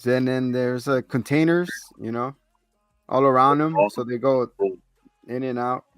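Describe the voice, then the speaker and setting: A man talks through a show recap in a loose, animated way, jumping into characters' voices. The sound is dry and close, with faint music underneath. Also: medium pitch, clean tone, dry recording. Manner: animated, acts out characters' lines in quick bursts. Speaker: podcast co-host. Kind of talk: casual recap chat.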